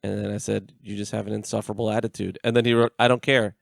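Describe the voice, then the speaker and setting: A man's voice: lowish voice, level tone, fast, creaky, no room sound, clean studio sound. A man co-hosting a casual podcast, telling an online argument story with laughs and swearing. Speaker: podcast co-host. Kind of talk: casual chat.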